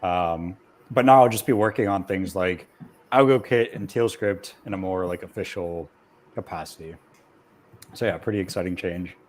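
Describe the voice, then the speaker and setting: Low-voiced easygoing man. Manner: easygoing, halting with fillers. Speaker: crew member. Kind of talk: casual meeting chat.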